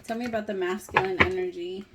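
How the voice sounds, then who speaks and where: A woman's voice: mid-range voice, steady tone, quick pace, heavy background noise. A woman in her thirties giving a casual tarot reading, chatty and emotional, with some casual swearing. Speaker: tarot reader.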